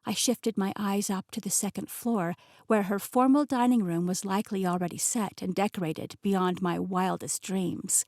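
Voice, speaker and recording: Woman, audiobook narrator, first-person, expressive, mid pitch, dry booth sound. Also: normal speed, hardly any pauses, no echo.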